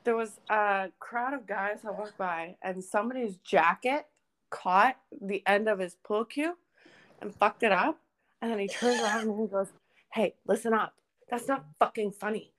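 A young woman co-hosts a podcast, chatting casually and telling an animated story laced with lots of swearing. Her voice is medium-pitched at a normal speed.

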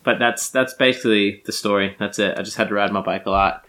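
A man's voice: on the low side, fairly even intonation, fast, bright, forceful tone. A British man co-hosting a podcast, telling rambling, self-mocking anecdotes in a casual, tired way. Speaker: podcast co-host. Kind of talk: casual chat.

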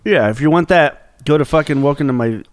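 A man's voice: fairly high pitch, fast, no room sound. A man co-hosting a podcast in casual banter, blunt and profane, teasing his partner. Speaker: podcast co-host.

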